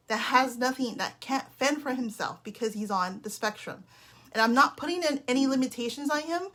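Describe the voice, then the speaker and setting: A woman in her thirties giving an energetic team training talk as a sales leader, emphatic and often checking in with "okay?". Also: fairly high pitch.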